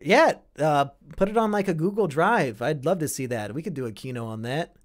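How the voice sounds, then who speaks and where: A man's voice: a little high, animated, brisk. A young man from Iowa hosting a casual live stream, reading and answering chat with sardonic, profane banter.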